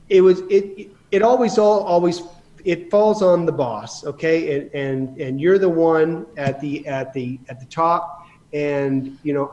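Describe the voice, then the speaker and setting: A man's voice: on the high side, darkish tone, lo-fi sound. A man from Canada, a real estate investor and podcast guest, telling stories in a rambling, emphatic way with many restarts. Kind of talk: casual storytelling in conversation.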